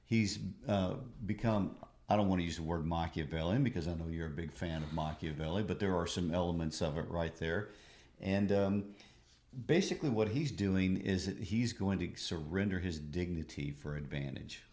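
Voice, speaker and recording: A man's voice: low-pitched, normal speed, a little mellow, echoey room. A man co-hosting a literature podcast, reading quotes aloud and discussing a play. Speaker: podcast co-host.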